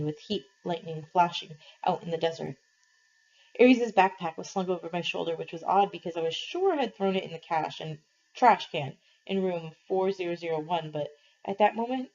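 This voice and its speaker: A woman teacher reading a novel aloud to her class, in an expressive, measured way, in a dull lo-fi recording. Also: fairly low pitch.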